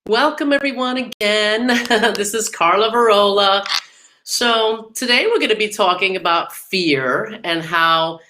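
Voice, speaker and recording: A woman from the New York/New Jersey area hosts a live music podcast, chatting casually with frequent laughs and lots of fillers. Her medium-pitched voice sounds pushed and bright and a little slow, and the audio is poor.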